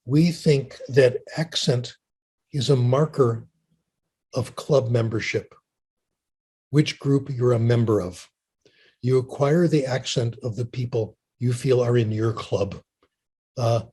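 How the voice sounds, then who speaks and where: Older man, husky voice, relaxed storytelling lecture, frequent "okay?". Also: medium pitch. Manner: chatty, storytelling, keeps asking "okay?". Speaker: linguist giving a talk. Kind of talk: lecture with audience Q&A.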